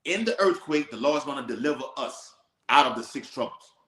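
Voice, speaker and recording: A man's voice: mid-range voice, animated, brisk, sharp tone. A man teaching scripture in an emphatic, preacherly way, checking in with "all right?". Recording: echoey room.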